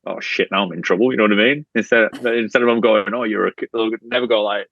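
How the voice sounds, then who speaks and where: A man's voice: on the low side, quick pace, creaky, dry recording, muffled recording. A man with an Australian accent, a guest telling blunt, profane stories in casual podcast chat and acting out what others said. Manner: blunt, profane storytelling with animated quoted voices. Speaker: guest, reality show contestant.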